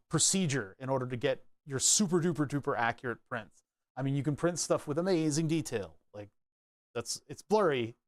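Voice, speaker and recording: Tinkering away at his workbench on a stream, a young man talks casually in a medium-pitched voice, wandering off on tangents and chuckling at himself. The audio is clean studio sound with no room sound.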